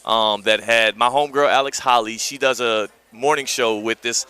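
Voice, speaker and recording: A man from Houston, hosting a live sports radio show from a golf tournament and switching between lively storytelling and smooth promo reads. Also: medium pitch, moderate pace. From Houston, Texas. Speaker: radio host.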